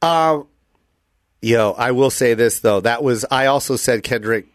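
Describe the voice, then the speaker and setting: A man's voice: medium pitch, a little slow, no room sound. A man hosting a podcast in a studio, telling a story with lots of laughter and swearing. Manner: animated storyteller, swears freely, laughs often. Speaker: podcast host. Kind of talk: casual studio chat.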